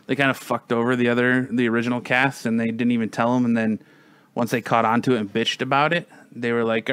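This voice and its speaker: A man's voice: mid-range voice, flat delivery, fast, fairly bright tone, clear, resonant tone, dry recording. A man chatting casually, rambling with many restarts, fillers and some swearing. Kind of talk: casual chat.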